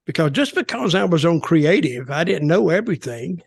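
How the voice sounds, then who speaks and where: A man's voice: on the high side, animated, fairly quick, vocal fry, few pauses, husky, no echo, clean studio sound. An older man hosting a podcast, telling stories in a rambling, folksy way with colloquial grammar. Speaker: podcast host. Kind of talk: storytelling interview.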